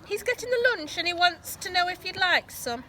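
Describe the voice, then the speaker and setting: A woman voicing an eager, helpful young girl in a storybook read-aloud, chirpy and quick. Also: very high voice, sing-song, bright, forceful tone, slight background noise, voice pushed up, full character voice.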